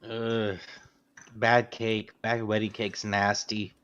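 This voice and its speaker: A man hosting a podcast, telling stories in casual chat, animated and swearing freely. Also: fairly low pitch, slow pace, a crowd in the background. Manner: animated storyteller, swears freely, says dude a lot. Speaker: podcast host. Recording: dull lo-fi sound.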